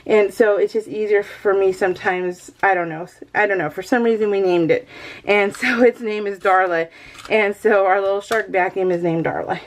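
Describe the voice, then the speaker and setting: A woman's voice: medium pitch, fairly even intonation, moderate pace. A middle-aged woman talks casually to her viewers from home. She rambles and restarts her sentences and often laughs as she goes. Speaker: crafting vlogger. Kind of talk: casual chat.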